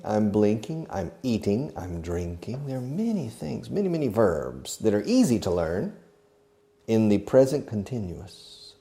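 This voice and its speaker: A man's voice: lowish voice, mellow. A man teaching English verbs, acting each one out, spelling words and repeating phrases, with asides in Spanish. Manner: switches into Spanish to explain. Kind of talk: slow demonstrative language lesson.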